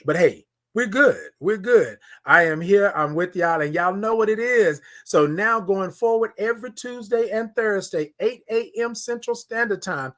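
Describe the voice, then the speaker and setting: High-voiced man giving a motivational talk. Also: lively intonation, a little slow, hardly any pauses. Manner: preachy, affirming, repeats phrases, swings from loud to hushed. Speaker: morning show host. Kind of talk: motivational live-stream talk.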